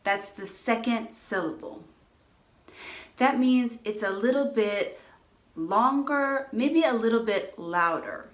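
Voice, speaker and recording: A woman with a somewhat high voice teaches pronunciation at a very slow, deliberate pace, stressing each syllable with care. She leads listeners through repeat-after-me drills. The room around her has a noticeable echo. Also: animated. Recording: echoey room.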